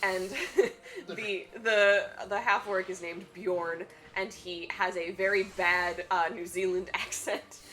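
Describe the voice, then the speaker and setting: A woman's voice: medium pitch, takes it slowly, a bit bright. A woman chatting casually on a charity game stream, retelling a tabletop game story with lots of fillers and laughter. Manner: chatty, many fillers, laughs while telling stories.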